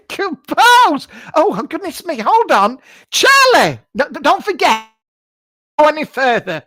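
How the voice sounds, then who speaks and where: A man performs a brash, camp psychic medium hosting a live stream from his garage, crude and teasing. The voice sits high and swoops about with lively energy. The sound is dry and close, like a computer mic. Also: slow, pauses often, no room sound, full character voice. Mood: teasing, bawdy. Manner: bawdy, teasing, breaks into frequent laughter. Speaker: host of a live psychic comedy show. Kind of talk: improvised live-stream comedy character. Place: double garage at home.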